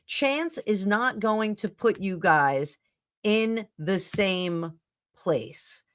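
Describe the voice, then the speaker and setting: A woman's voice: mid-range voice, lively intonation, extremely slow, no room sound. A middle-aged woman hosting a live tarot stream, chatting casually and rambling with fillers and self-corrections.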